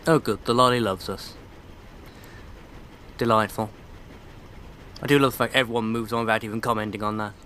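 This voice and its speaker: A man's voice: fairly low pitch, fairly even intonation, a little fast, long pauses, a bit bright, slight background noise. A man commenting casually on a video game he is playing, with sarcastic, irreverent asides. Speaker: let's play commentator.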